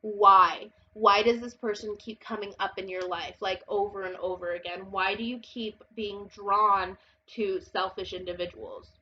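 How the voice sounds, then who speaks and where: A woman's voice: medium pitch, fairly even intonation, a little slow, hardly any pauses, bright, forceful tone, muffled recording, a little hiss or hum. A woman giving a casual tarot reading, chatty and blunt, who swears and laughs a lot and sounds a little congested and unwell. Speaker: tarot reader.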